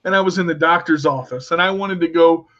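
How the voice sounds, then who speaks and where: A man's voice: a little high, fast talker, fairly bright tone, highs cut off. A man hosting a radio talk show, telling stories with many stammered restarts and dry jokes. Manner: stammering restarts, joking storyteller. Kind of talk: casual conversation.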